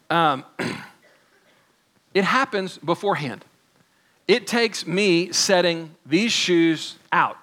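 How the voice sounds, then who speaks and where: A man's voice: high-pitched, bright, forceful tone. A man preaching a sermon, earnest and conversational, using props and building to emphatic points. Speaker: pastor.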